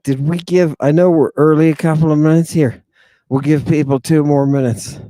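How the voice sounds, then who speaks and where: A man's voice: a little high, fairly even intonation, normal speed, mellow, no room sound. A man hosting a casual livestream, talking straight to his viewers in a theatrical way and repeating many of his lines. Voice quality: repetitive, theatrical, addresses congregation. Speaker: livestream host. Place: outdoors in the wind.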